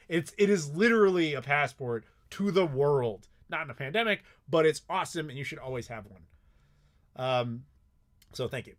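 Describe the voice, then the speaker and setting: A man talks through viewer questions on a live stream in a loose, meandering way. His voice sits slightly high for a man, and he swears casually and pads his sentences with fillers. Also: expressive, moderate pace. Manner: rambling, swears freely, many "like" fillers. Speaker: streamer answering chat questions.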